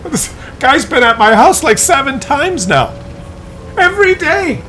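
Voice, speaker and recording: A man vlogging, telling a comic story to camera in an exasperated, animated way with many restarts. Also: extremely high pitch, measured pace, a little hiss or hum.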